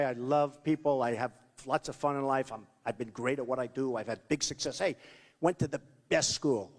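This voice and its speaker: A man giving a rambling, boastful campaign rally speech, repeating himself and acting out the voices of people he quotes. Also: fairly high pitch. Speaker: presidential candidate. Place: school hall at a rally. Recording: long hall reverb.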